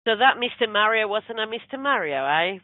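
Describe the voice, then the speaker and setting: A woman's voice: mid-range voice, lively intonation, a little fast, no echo. A middle-aged woman telling a personal story in a casual interview, chatty and rambling, acting out what people said. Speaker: guest, spiritual medium. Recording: tinny phone-like line, dry.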